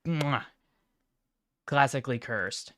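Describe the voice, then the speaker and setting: A man livestreaming, reacting to chat images in an offhand, mumbling way with sudden excited outbursts. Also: medium pitch, slow pace. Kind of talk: casual live-stream commentary.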